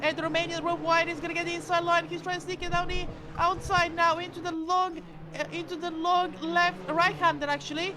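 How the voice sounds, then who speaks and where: A woman commentating a sim race live, excitable, often stumbling over words and correcting herself. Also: very high-pitched, brisk. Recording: loud background noise.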